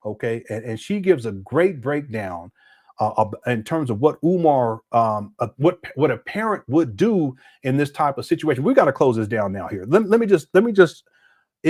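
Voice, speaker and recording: A man's voice: fairly high pitch, a little mellow. A man hosting a live commentary show, talking in an emphatic, conversational way with many repeats. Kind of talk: livestream commentary.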